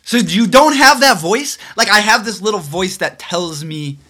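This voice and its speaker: A young man co-hosting a casual podcast, excitable and animated, often restarting his sentences. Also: high-pitched, normal speed, slightly rough. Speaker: podcast co-host. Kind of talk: casual chat.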